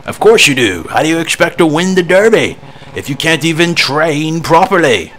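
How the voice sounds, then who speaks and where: A man's voice: on the high side, very animated, normal speed, fairly bright tone, voice pushed up. A man voicing an older male horse trainer in a handheld game, dry and teasing. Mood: scolding.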